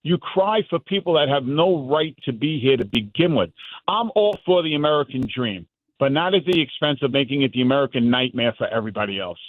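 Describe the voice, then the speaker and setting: A man's voice: mid-range voice, expressive, brisk, no room sound, narrow, tinny audio. A man from New York, a former officer, giving heated political commentary as a radio guest, indignant and mocking opponents. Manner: indignant, mocks opponents with put-on quotes.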